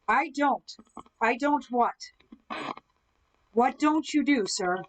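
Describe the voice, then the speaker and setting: A woman's voice: sits high, animated, takes it slowly, dull audio. A woman running a live-stream ghost hunt, asking spirits questions through a spirit box and answering viewer comments. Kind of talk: live-stream paranormal session. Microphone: device-heavy setup with a spirit box.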